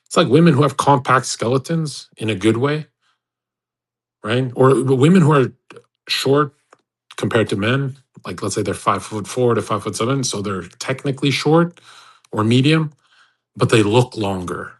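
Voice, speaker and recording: A man's voice: medium pitch, normal speed, slightly rough, low-quality recording. A man hosting an online audio room, talking in a boastful, provocative and preachy way with lots of restarts. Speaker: host of a live audio chat room. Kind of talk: casual rambling monologue.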